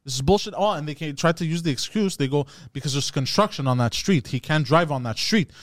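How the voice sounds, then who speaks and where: A man's voice: a little high, animated, brisk. A man co-hosting a podcast, telling a story in casual chat, acting out quotes and laughing often. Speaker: podcast co-host. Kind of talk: casual storytelling among friends.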